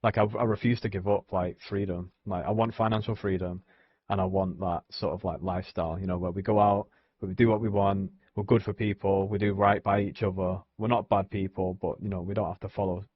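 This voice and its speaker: A man's voice: low voice, little pitch movement, fairly quick, husky, no room sound, highs cut off. A young man, rambling casually on a live stream, swearing often and filling gaps with "you know what I mean". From England.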